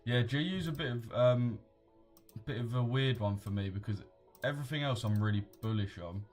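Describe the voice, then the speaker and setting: In casual livestream chat, a young British man hosting a trading stream reads viewer comments and talks in easygoing slang. His voice is mid-range and a little mellow, at a normal speed, with soft music in the background.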